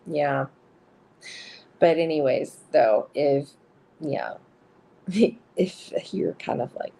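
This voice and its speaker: A woman with a very gravelly, husky voice chats with her live-stream viewers while she reads cards. She talks at an unhurried pace, rambles through lots of filler words, and giggles often between her sentences. Her tone is dark and mellow. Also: low voice, slight background noise. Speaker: live-stream card reader.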